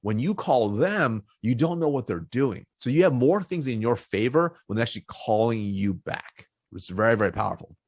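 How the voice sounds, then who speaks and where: Male sales coach, husky mid-range voice, dry close recording, plain direct delivery. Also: mid-range voice, animated, moderate pace, few pauses, a little mellow, dry recording. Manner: direct, repeats points, many okays and all rights. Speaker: sales trainer. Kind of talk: casual teaching to camera.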